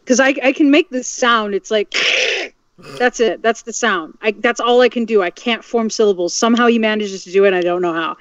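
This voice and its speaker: A woman with a smooth, clear voice chatting casually and easily. The sound is dry and close, and a little dull. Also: a little high, fairly quick, few pauses, dry recording. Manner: relaxed, chatty, laughs easily. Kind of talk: casual livestream chat. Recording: dry, slightly dull mic.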